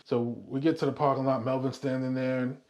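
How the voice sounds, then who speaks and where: A middle-aged man tells a true story on his vlog in a casual, rambling way. He swears freely and laughs often, and his voice sits at an ordinary middle pitch. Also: little pitch movement, brisk, a little mellow. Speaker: vlog host.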